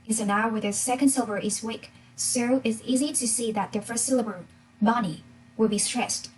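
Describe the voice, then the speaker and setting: Student from vietnam, slightly high voice, faint hum behind, talks to the listener directly. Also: female voice, fairly even intonation, a little fast, darkish tone, poor audio. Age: young adult. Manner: engaging, asks the listener questions. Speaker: student presenter. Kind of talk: reading a class presentation.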